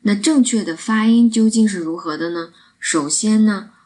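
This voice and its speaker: A woman teaching pronunciation, explaining each step clearly and demonstrating the sounds. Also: mid-range voice, moderate pace, darkish tone.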